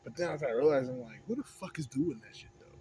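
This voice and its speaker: A young American man vents in a loose, profane monologue, full of slang and "you know what I'm saying." His voice sits at an ordinary middle pitch and drops to a mumble, then rises in heated bursts. A steady hum of noise runs under the home recording. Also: fast. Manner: swings between mumbling low and loud heated outbursts. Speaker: vlogger. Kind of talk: casual profane rant. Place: indoors at home, smoking a pipe.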